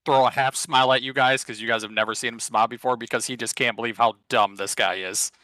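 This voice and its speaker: Bright-voiced man playing a tabletop game. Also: medium pitch, quick pace, no room sound. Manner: animated, narrating his character. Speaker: player.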